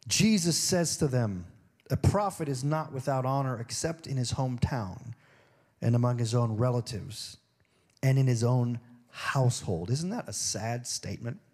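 A male pastor preaching a sermon in a conversational way. He drops low and quiet to read scripture, then climbs high and emphatic, often acting out other people's voices. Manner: swings between low, hushed reading and high, emphatic stretches.

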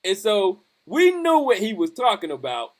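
Man, podcast host, high voice, animated, laughing storyteller, casual chat. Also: moderate pace.

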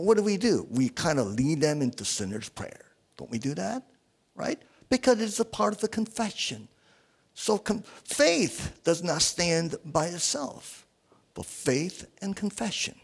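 Preaching as a guest at a small church, a man speaks in a rather high, sing-song voice with vocal fry. He halts often, uses lots of fillers, and pauses to put rhetorical questions to the congregation.

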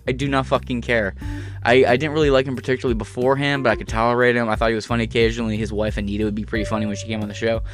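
A man's voice: mid-range voice, little pitch movement, rapid-fire, hardly any pauses, soft background music. Sarcastic, profane male podcast host. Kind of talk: casual commentary.

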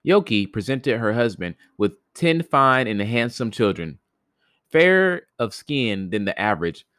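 A man's voice: mid-range voice, big pitch swings, a little slow, a bit bright, dry recording, clean studio sound. A man hosting a podcast, reading a ghost story aloud with frequent stumbles and restarts, then retelling it in joking slang. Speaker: podcast host reading stories. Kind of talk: casual storybook reading with commentary.

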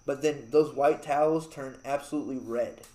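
A man's voice: medium pitch, moderate pace, warm tone, reverberant. A young man telling a story in casual chat, rambling and swearing, with lots of fillers. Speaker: new father.

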